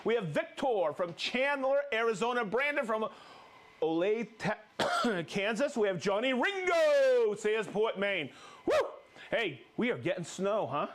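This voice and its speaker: A high-voiced man hosts a live stream, calling out viewers one after another with jokes and whoops. His pitch swings widely and lively, and his delivery stays upbeat and playful. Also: a little slow. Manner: upbeat, jokey, reads viewer names with whoops. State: recovering from a cold. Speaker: livestream host.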